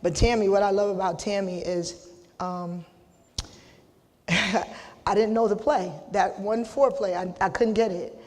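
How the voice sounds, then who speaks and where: Middle-aged woman, emotional inductee, choked-up, casual, restarts often, monotone, long reverb. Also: mid-range voice. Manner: halting, repeats herself, casual slang. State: holding back tears. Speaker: hall of fame inductee. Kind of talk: emotional acceptance speech.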